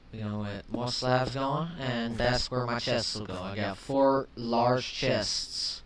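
A young man giving let's play commentary, chatting calmly and then flaring into shouted rage at the game, often swapping swears for milder words. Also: medium pitch, slow pace, few pauses. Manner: swaps swears for mild substitutes. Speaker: gaming commentator. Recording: distant mic with faint hiss.

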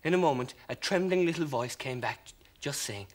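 An Irish man presenting a children's TV show, telling a story in an animated, expressive way. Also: medium pitch, moderate pace.

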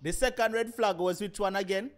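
A man's voice: high-pitched, fairly quick. A man hosting a casual chat who gives short replies and jokes with his guest. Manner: short encouraging replies and banter. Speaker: host.

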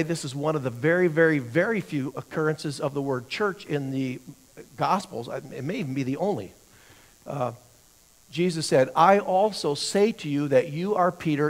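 Man, slightly high voice, Bible class teacher, asks questions, repeats words, halting. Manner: asks the class questions and answers them himself. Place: church classroom.

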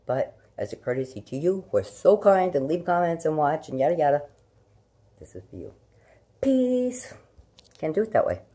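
Middle-aged woman vlogger at home on camera, warm dark voice, emotional and rambling, loud to hushed. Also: sits low, sing-song, a little fast, breathy edge. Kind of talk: casual spiritual vlog.

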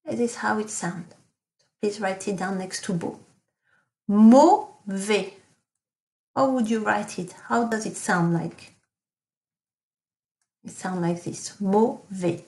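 With a medium-pitched voice and some vocal fry, a woman teaches a recorded online French lesson in a roomy-sounding space. She explains patiently, using fillers and correcting herself, and pronounces French words slowly and carefully as a model.

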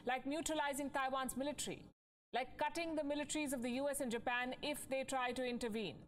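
High-voiced woman reading the news. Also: steady tone. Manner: measured, formal reading. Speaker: news presenter.

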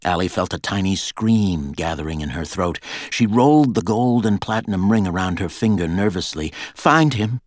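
A man narrating a thriller audiobook in a measured, dramatic reading on a close studio mic. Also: deep voice, darkish tone, no echo. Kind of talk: scripted narration.

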